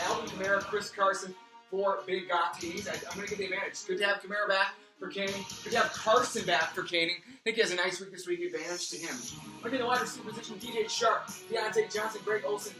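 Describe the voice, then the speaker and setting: Fast-talking man rambling through puns. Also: high-pitched. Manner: rambling, wandering off on pun tangents. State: losing his voice. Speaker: fantasy football league host. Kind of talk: mock sports-analyst preview. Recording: roomy, distant mic with music behind.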